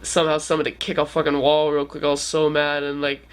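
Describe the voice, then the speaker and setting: A man's voice: a little high, monotone, quick pace, smooth. A man in his twenties telling a story to camera in a rambling, casual way, with lots of "like" and swearing. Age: 20s. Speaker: vlogger.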